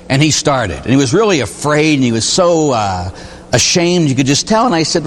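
A Catholic priest giving an emphatic, animated sermon, jumping to sudden high exclamations. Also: male voice, brisk, big-room sound, a little hiss or hum.

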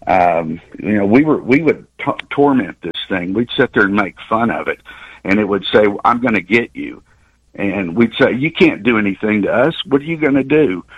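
A man's voice: fairly low pitch, slightly rough, dry recording. Older man on a dull phone line. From Oklahoma, USA. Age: 60s. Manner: earnest, rambling retelling with halting restarts. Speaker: radio caller. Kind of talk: call-in storytelling. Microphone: telephone.

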